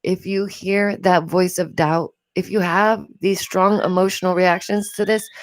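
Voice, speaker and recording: A woman's voice: fairly low pitch, no echo, clean studio sound. A woman hosting a casual livestream from home, talking in a rambling, chatty way and laughing often. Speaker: livestream host.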